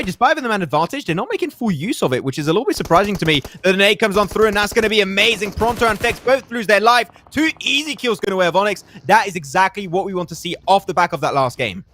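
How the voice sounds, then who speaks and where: A man from France casting a live mobile esports match, with animated play-by-play and joking banter. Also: high-pitched. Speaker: esports caster.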